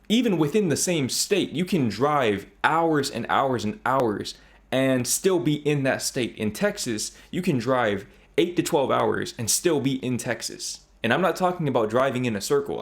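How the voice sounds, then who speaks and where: An American man hosting a reaction video, talking through his thoughts in a chatty, reflective way. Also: mid-range voice. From United States. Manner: chatty, reflective, thinking aloud. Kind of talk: casual commentary.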